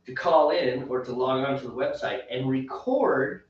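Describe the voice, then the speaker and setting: A man co-hosting a casual homebrewing podcast, an animated storyteller who laughs and mimics voices. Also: mid-range voice, moderate pace, a little hiss or hum. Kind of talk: casual banter. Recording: echoey room, distant mic, dull lo-fi sound.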